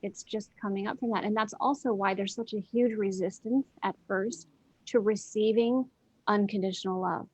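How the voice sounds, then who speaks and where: A woman's voice: mid-range voice, steady tone, normal speed, darkish tone, husky, dry recording. Earnest woman in spiritual talk. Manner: earnest, repeats phrases for emphasis, many "you know"s. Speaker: guest. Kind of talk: heartfelt spiritual conversation.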